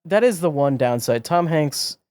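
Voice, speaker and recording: A man's voice: fairly high pitch, expressive, moderate pace, darkish tone, clear, resonant tone, no echo. Blunt, swearing male podcast co-host. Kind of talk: casual chat.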